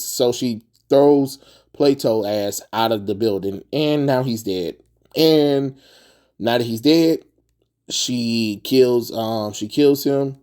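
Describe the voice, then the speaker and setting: A man's voice: mid-range voice, dark tone. A man casually recapping a comic book's plot, rambling loosely with plenty of fillers and hedges. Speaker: comic book reviewer.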